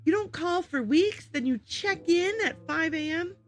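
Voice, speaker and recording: A woman's voice: lively intonation, unhurried, soft background music. A woman voicing a fussy, worried elderly mother who nags and guilt-trips her son. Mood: fretting. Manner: high fretting nagging voice.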